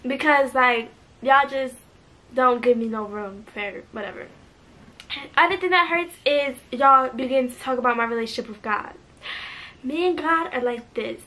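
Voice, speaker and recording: A teenage girl with a bright, slightly high voice speaks to her viewers at home. She talks hesitantly and earnestly, pausing often with soft fillers. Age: teens. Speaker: vlogger. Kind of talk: emotional apology video.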